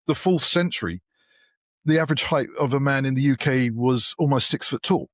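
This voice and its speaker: A man's voice: mid-range voice, moderate pace, no echo, studio quality. A British man co-hosting a podcast, telling rambling anecdotes that stop and restart. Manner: rambling, self-interrupting anecdotes. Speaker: podcast co-host. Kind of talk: casual podcast chat.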